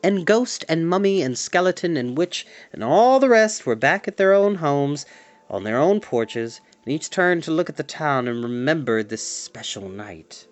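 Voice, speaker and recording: A man reading a storybook aloud as a storyteller, expressive and dropping to a hush at tense moments. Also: a little high, measured pace, dry recording.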